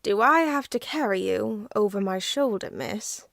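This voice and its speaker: A woman voicing a smooth, teasing male stranger in an audiobook. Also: mid-range voice, animated, unhurried, no room sound, studio quality. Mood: drawling.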